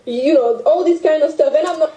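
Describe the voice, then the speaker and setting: A young French woman with a French accent, recounting a personal story in halting speech full of restarts. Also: high-pitched, warm tone, reverberant, rough recording. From France. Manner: halting, with many restarts and fillers. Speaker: guest telling her story. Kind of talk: emotional personal account.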